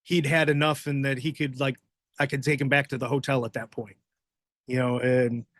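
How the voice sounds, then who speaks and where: A man's voice: mid-range voice, level tone, normal speed, fairly bright tone, no echo, clean studio sound. A man, a former wrestler and podcast guest, telling rambling, profane stories in casual chat. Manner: profane, rambling, acts out quoted voices. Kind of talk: casual storytelling.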